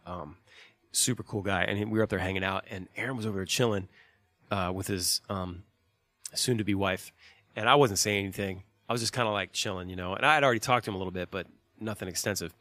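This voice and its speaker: A man's voice: sits low, quick pace, bright, forceful tone, no echo. A man in his thirties, a touring musician, giving laid-back, profane, rambling advice in casual talk.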